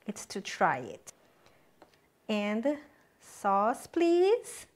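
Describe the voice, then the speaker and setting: A woman with a high, light voice hosts a casual cooking demonstration to camera. She is chatty and upbeat and talks the viewer through every step from her home kitchen. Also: a little slow. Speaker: cooking channel host.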